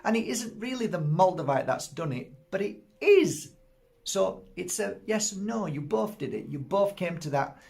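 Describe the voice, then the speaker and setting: Crystal healer guy with a gravelly voice, chatting straight at you, repeats stuff a lot. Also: a little high. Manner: speaks straight to the listener, repeats and lists words. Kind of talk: casual spiritual teaching talk.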